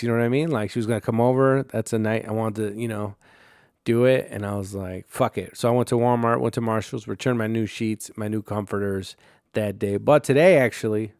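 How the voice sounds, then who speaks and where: A man's voice: lowish voice, fairly even intonation, fairly quick, gravelly, a little mellow, no room sound, studio quality. A man hosting a solo podcast, telling stories in a rambling, profane way full of fillers and restarts. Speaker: podcast host.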